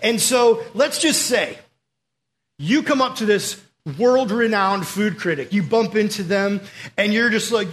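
A young man delivers a conversational sermon, full of asides to the crowd and quick quoted voices. His voice sits high for a man and carries a lot of energy. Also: a bit bright, slight background noise. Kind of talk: casual sermon with storytelling.

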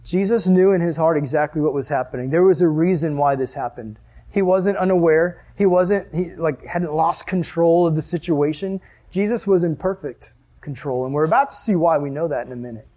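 A young man delivers a chatty, animated sermon. His voice is somewhat husky and sits a bit high for a man, and he speaks in a loose, conversational way full of asides. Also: a little fast. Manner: animated, chatty, heavy use of "like". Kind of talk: casual sermon.

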